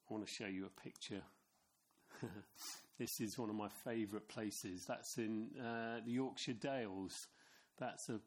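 A middle-aged Englishman with a lowish, darkish voice preaches a sermon in a chatty, storytelling manner. He keeps it conversational and anecdotal, with asides to the congregation.

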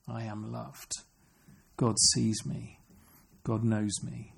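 Guy preaching a sermon, gravelly husky voice, earnest, keeps asking the crowd stuff. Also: lowish voice, completely flat delivery, slow pace, darkish tone. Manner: earnest, asks the congregation questions.

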